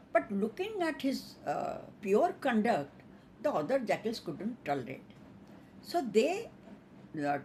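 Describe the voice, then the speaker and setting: A woman tells an old fable slowly, pausing often with fillers. Her pitch moves up and down a lot. There is a faint hiss behind her. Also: a little mellow. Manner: unhurried, with many fillers. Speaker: storyteller. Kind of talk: telling a fable.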